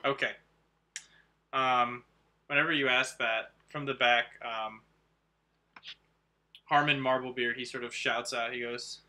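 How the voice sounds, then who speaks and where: Bright-voiced man running a tabletop game. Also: medium pitch, fairly even intonation, unhurried, long pauses. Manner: hesitant, many fillers. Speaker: game master. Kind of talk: narrating a tabletop game online.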